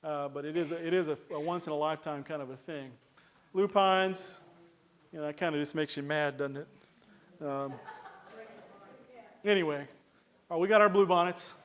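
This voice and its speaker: Folksy man lecturing, a bit high. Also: normal speed, pauses often, fairly bright tone, clean tone. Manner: folksy, rambling, frequent uhs and restarts. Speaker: horticulture lecturer. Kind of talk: casual lecture with slides. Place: lecture hall.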